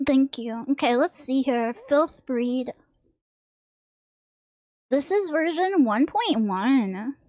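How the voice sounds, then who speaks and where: High-voiced young woman streamer, slow and joking. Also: animated, a little mellow, dry recording. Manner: rambling, joking, crude. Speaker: vtuber streamer. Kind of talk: casual stream chat while drawing.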